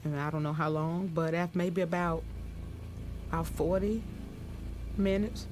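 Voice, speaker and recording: Older woman giving halting testimony. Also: fairly low pitch, steady tone, darkish tone, soft background music. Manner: halting, repeats words when retelling. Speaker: crime survivor interviewee. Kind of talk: documentary testimony.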